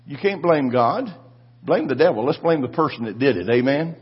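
A pastor in his seventies telling a testimony in a sermon, his voice rising to shouted declarations. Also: medium pitch, lively intonation, moderate pace, husky, dull audio.

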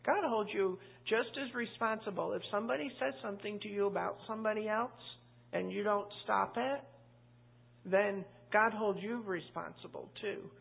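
A woman's voice: medium pitch, moderate pace, creaky, husky. A woman teaching a church Bible class in a conversational, emphatic way, quoting scripture and addressing the room directly. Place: church room with a live group. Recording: tinny, lo-fi phone-like audio.

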